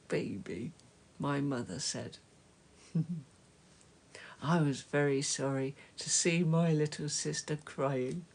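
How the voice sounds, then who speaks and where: A woman reading a children's story aloud, slow and gentle, dropping to soft whispers at times. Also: low voice, vocal fry, breathy edge. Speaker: storybook reader.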